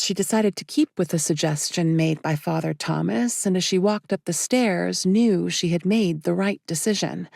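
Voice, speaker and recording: Female audiobook narrator, steady and measured; low, mellow tone with a gravelly edge. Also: dry recording, clean studio sound. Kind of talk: scripted narration.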